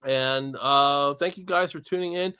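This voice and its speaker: A Canadian man hosting a casual online show, talking in loose, rambling stretches and chuckling as he goes. His voice is bright and forceful, recorded dry and close with no room echo. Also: on the high side, measured pace, clean tone. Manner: rambling, chuckling, many restarts. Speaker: podcast host. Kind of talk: casual livestream chat.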